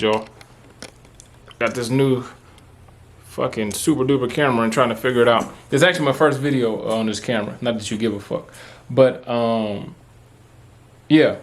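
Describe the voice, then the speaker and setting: Profane, rambling man from Texas. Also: medium pitch. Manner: profane, rambling, with many fillers. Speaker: vlogger. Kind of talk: casual storytelling to camera. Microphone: camera mic, talking to camera.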